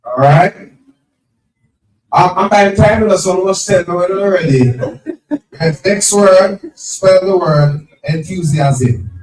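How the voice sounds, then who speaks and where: A man, hosting a live spelling game at an event, brisk and teasing, repeating each word. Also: high voice, a crowd in the background. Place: event venue with crowd. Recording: echoey, distant from the mic.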